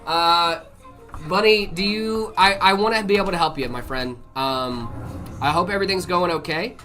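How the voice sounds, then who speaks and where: A relaxed livestream host chatting with viewers about PC builds, drifting through fillers as the questions are read aloud. The voice sits mid-range, and faint music plays underneath. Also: mid-range voice. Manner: laid-back, filler-heavy, reads chat aloud. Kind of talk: casual live chat answering viewer questions.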